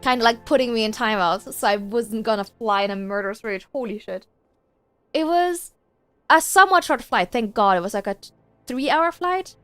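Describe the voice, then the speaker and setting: A woman streamer telling a story in casual chat while gaming, animated and exasperated, swearing freely. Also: on the high side, normal speed, clean tone, dry recording, soft background music.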